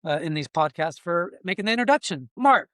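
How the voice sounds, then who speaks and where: A man's voice: a little high, expressive, a bit bright, no room sound, clean studio sound. A man hosting a casual running podcast, introducing and questioning his guest in a friendly way. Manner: friendly, quick back-channel replies. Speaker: podcast host.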